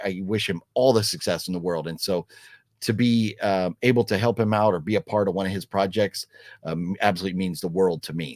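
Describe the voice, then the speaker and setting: The host of a livestream movie talk show chats casually and reads out viewer comments. He rambles, restarts often, and swings his pitch animatedly, recorded with studio quality and no room sound.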